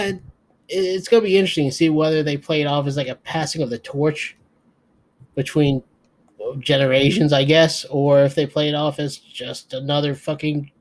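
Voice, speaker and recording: A man co-hosting a podcast, giving a sleepy, profane, rambling recap of a wrestling show. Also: on the high side. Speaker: podcast co-host. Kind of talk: casual wrestling recap chat.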